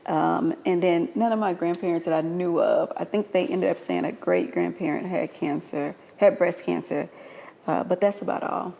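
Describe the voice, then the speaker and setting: Halting gravelly low-voiced woman. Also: steady tone, dark tone, big-room sound. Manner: halting, restarts words. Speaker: guest, caregiver. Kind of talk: personal storytelling.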